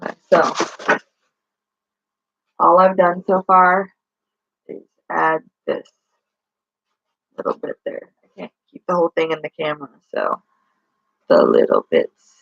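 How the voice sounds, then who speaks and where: Woman rambling on a live stream, creaky gravelly voice, dry dull lo-fi sound. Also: lowish voice, huge pitch swings, unhurried, pauses often, no echo. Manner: rambling, self-correcting, chats to viewers. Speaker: livestreamer. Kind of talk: casual live-stream chat. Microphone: laptop or phone mic.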